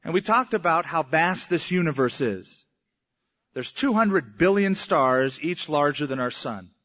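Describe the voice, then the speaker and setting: A male pastor giving a conversational sermon, with slow, emphatic phrasing. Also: a little high, animated, a bit bright. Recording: echoey hall, dull lo-fi sound.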